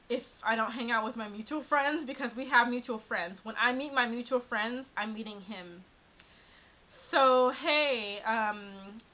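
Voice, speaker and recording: Rambling young woman, lo-fi webcam sound. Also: fairly high pitch. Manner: rambling, frequent restarts and "like", shaken but laughing. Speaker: vlogger. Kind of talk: casual vlog storytelling. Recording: dull lo-fi webcam audio.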